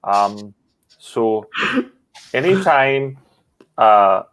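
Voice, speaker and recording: A man's voice: on the low side, little pitch movement, rough recording. A man doing a rambling mock collector. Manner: halting, filler-heavy mock voice-over. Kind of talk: parody voice-over.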